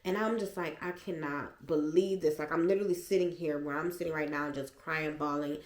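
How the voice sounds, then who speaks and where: A woman's voice: deep voice, steady tone, quick pace. A woman vlogger at home, animatedly and emotionally retelling a personal story. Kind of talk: storytime vlog. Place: at home, seated. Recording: echoey room.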